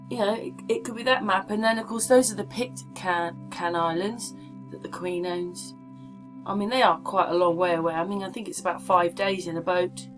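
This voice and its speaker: A woman's voice: lowish voice, poor audio. A woman hosting her own channel, talking casually and rambling as she clicks through images and speaks straight to her viewers. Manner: rambling, chatty, addresses viewers directly. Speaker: channel host. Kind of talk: casual screen-share commentary.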